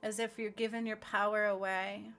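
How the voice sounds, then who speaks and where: Bright-voiced woman leading a healing meditation. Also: medium pitch, little pitch movement, soft background music. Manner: slow, earnest, speaking affirmations aloud. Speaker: spiritual healer.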